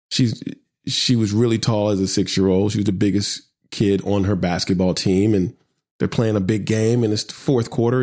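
A middle-aged man hosting a podcast, telling a personal story with lively acted-out dialogue. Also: medium pitch. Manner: animated storyteller, acts out quoted dialogue. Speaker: podcast host. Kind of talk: conversational podcast talk, then reading a poem.

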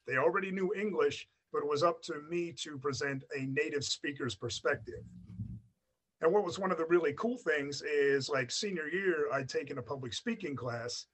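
A man's voice: a little high, normal speed, a bit bright. Chatty man with a blended American-Australian accent. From Australia, raised by an American family. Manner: rambling, chatty, many "like" fillers. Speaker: guest. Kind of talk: casual storytelling interview.

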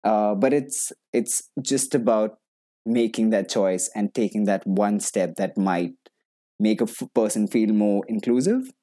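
A man's voice: lowish voice, unhurried, dark tone. A man, an actor, chatting casually and animatedly, laughing often and restarting his sentences. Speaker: actor guest. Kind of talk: casual conversation.

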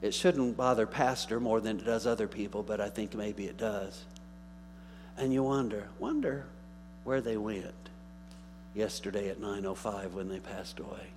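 A male pastor preaching a sermon, rising into emphatic bursts and dropping to quiet asides. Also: lowish voice, steady tone, normal speed. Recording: faint mains hum.

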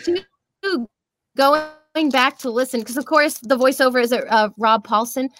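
A woman's voice: high-pitched, a little slow, a bit bright, no room sound. A young woman who works as a voice actress, chatting casually in an interview in a bubbly, rambling way with lots of fillers. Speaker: voice actress and social media creator.

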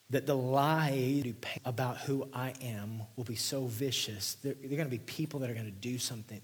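Husky-voiced male pastor preaching intensely. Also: mid-range voice. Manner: intense, dropping to hushed near-whispers for emphasis. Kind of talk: sermon.

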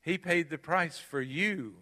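An older man, guest preaching in a church, speaks slowly in a sharp, rather high voice. He hammers home his key phrases by repeating them, and the hall's long reverb lingers behind each one.

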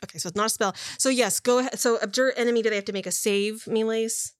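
A woman's voice: a little high, fairly even intonation, fast, no room sound. A woman as game master, narrating a tabletop game in a casual way.

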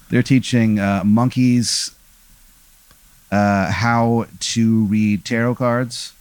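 A man's voice: fairly low pitch, flat delivery, drawn-out words, pauses often, a little mellow, clean tone, dry recording. A man casually telling an improvised story, rambling with fillers and restarts and jumping into voices for the characters. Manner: rambling, many fillers and restarts, acts out quoted lines. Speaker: host telling a made-up scenario.

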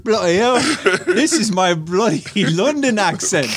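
Brief: man doing a jokey fake-London bloke, high and hammy, chuckling. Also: big pitch swings, very slow, noisy background, heavily acted. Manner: exaggerated, laughing, swearing mildly. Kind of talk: comic put-on voice in casual chat.

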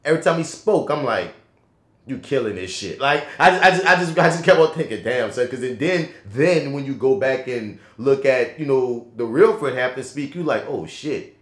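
A man co-hosting a podcast and reviewing a film in casual chat, animated and profane with slangy emphatic asides. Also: medium pitch, normal speed, few pauses. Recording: roomy echo.

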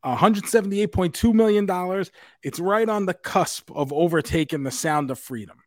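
A male podcast co-host with a voice a little higher than average, recorded dry and close. He talks in relaxed, chatty banter, now and then dropping a swear word. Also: moderate pace, no room sound. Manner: chatty, relaxed, occasionally profane. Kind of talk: casual chat.

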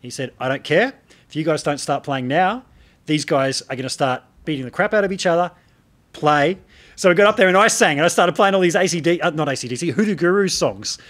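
A man's voice: on the high side, a little fast, fairly bright tone. A middle-aged man hosting a casual chat, telling stories and asking questions. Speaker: host.

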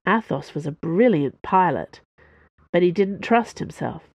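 A woman narrating a story in a calm, measured, scripted way. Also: fairly low pitch, dry recording. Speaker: audiobook narrator.

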